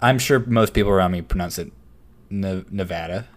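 A man's voice: low-pitched, brisk. A young man co-hosting a casual podcast, teasing his friend, reading from a list and laughing often. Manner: reads aloud from a list. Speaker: podcast co-host. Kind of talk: casual chat.

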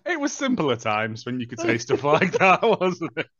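A man's voice: medium pitch, huge pitch swings, moderate pace, dull audio, background noise. A man co-hosting a casual podcast, teasing and joking in banter. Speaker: podcast co-host. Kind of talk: casual chat.

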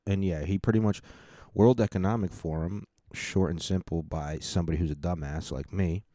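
A man with a deep, dark voice chats casually on his solo podcast, wandering between topics, swearing freely and cracking jokes at his own expense. The recording is dry and close. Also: moderate pace, dry recording. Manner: rambling, profane, joking. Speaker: podcast host.

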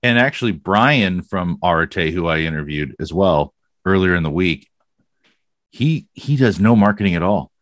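A man's voice: deep voice, lively intonation, moderate pace, fairly bright tone, dry recording. A man hosting a podcast, chatting casually and rambling with many fillers. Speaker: podcast host. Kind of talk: casual conversation.

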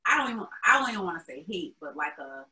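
A woman from Albany talks as a guest in a casual interview. Her voice sits low, with a bright, forceful edge. She thinks aloud and restarts her sentences, speaking earnestly about her views. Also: big pitch swings, fast talker, low-quality recording. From Albany, New York. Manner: thoughtful, earnest, with many restarts.

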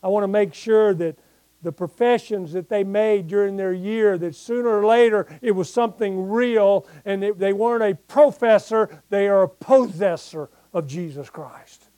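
Older preacher guy, highish voice, mellow, chatty then fired up reading scripture, dry close sound. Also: normal speed, smooth, no room sound. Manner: conversational preaching that swells into emphatic scripture reading. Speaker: pastor. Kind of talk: sermon.

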